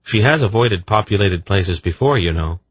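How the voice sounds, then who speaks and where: A man's voice: fairly low pitch, animated, normal speed, husky, dry recording. A man reading as an earnest young swordsman in an audiobook. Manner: earnest, gagging.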